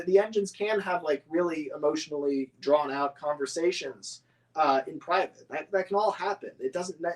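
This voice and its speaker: A man rambling enthusiastically as a model-making hobbyist answering viewer questions, with many fillers and restarts. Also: fairly high pitch. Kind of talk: casual chat.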